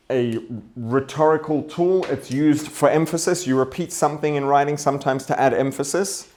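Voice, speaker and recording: A man's voice: medium pitch, a little mellow. A man teaching a religious text, thinking aloud, repeating and rephrasing his points and posing rhetorical questions. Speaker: rabbi teaching Torah. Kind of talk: explaining a text to an audience.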